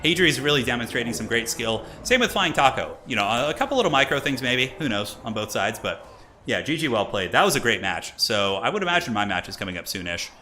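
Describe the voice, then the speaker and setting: A man's voice: mid-range voice, fast, a little hiss or hum. A man casting a live game tournament on his stream, chatty and chatting with viewers as he goes. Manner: animated, chatty, talks to viewers in chat.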